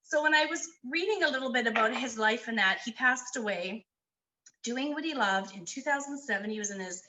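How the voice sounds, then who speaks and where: A woman's voice: on the high side, fairly quick, bright, forceful tone, low-quality recording. A woman from Canada giving a casual cooking demonstration in a community kitchen, chatty and enthusiastic as she tells stories.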